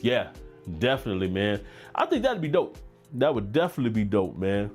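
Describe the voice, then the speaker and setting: A middle-aged man with a Louisiana drawl, relaxed and talkative, hosting a fragrance livestream at a medium pitch. His voice comes with faint music playing underneath. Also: brisk. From Baton Rouge, Louisiana. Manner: laid-back, chatty, reads chat comments aloud with frequent laughs. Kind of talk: casual livestream chat.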